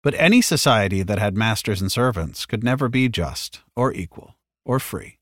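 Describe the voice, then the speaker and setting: Low-voiced man reading a story. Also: very animated, moderate pace, fairly bright tone, no echo, clean studio sound. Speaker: narrator. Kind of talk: audiobook reading of science fiction.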